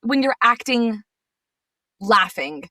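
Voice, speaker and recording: A woman voice actress in a casual chat, telling stories in an animated, exasperated way. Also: on the high side, slow pace, dry recording, distant mic. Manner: animated storyteller, gets sassy and exasperated. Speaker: voice actress guest.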